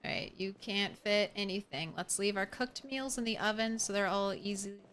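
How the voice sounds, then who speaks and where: A woman's voice: medium pitch, normal speed, fairly bright tone, slight background noise. A young woman streaming a survival game, chatting casually and swearing now and then as she talks to viewers and her animals. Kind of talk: casual gameplay commentary.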